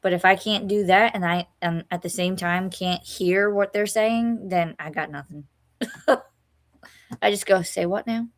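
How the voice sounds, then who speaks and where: A woman's voice: medium pitch, unhurried. A woman co-hosting a livestream, chatting casually and mostly giving short agreeing replies. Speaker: livestream co-host. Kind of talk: casual chat.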